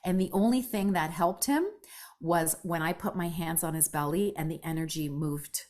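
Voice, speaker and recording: A woman in her fifties telling her story as a podcast guest, animated and casual, peppering her talk with "right?" and the odd swear word. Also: moderate pace. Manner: animated, acts out quoted voices with big pitch jumps. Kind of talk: conversational storytelling.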